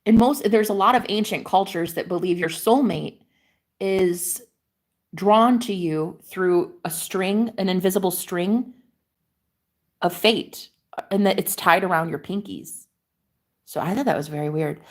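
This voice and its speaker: Unhurried and medium in pitch, this woman is a manifestation coach. Her casual vlog talk is emphatic, laced with swearing, and wanders from topic to topic.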